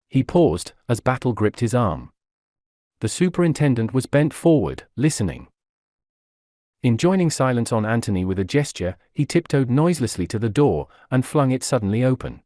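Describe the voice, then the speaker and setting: An audiobook narrator, a man with a medium-pitched voice, reads a novel in a measured, even way. It's scripted narration with clean studio sound and no room echo.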